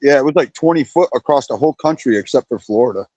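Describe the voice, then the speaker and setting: A man calling into a stream for a relaxed, casual chat, breaking off now and then to talk to his dogs. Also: medium pitch, fast talker, no room sound, dull audio. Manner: relaxed, talks to his dogs between remarks. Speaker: guest caller.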